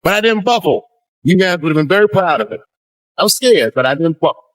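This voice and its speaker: Animated, profane male stand-up comic. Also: sits high, quick pace, big-room sound. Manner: animated, profane storytelling that swings into shouted rants. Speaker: stand-up comedian. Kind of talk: live stand-up comedy. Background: audience laughter.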